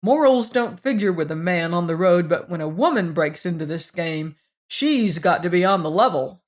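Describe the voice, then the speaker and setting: A woman's voice: medium pitch, expressive, measured pace, close to an everyday voice. A woman voicing a shrewd, fat, middle-aged male salesman in an audiobook, jovial and earnest, with blustering salesman talk. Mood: indignant. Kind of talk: audiobook character reading.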